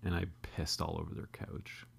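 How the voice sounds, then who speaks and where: Deep, gravelly man telling a profane story. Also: moderate pace, a little hiss or hum. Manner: profane, self-deprecating, animated. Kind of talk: comedic storytelling.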